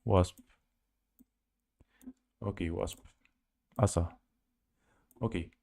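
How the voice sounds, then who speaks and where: A man with a Russian accent teaching a live language lesson, halting and searching for words as he spells out letters. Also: low-pitched, steady tone, gravelly, mellow.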